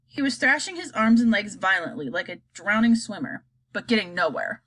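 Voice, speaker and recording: A woman reading a children's storybook aloud, expressive and lively. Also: mid-range voice, moderate pace. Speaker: reader.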